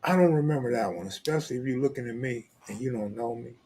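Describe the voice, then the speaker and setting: A man's voice: medium pitch, fast, warm tone, breathy edge. A man hosting a live stream, reading viewer comments in blunt, profane, joking street talk. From Los Angeles, California. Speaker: host.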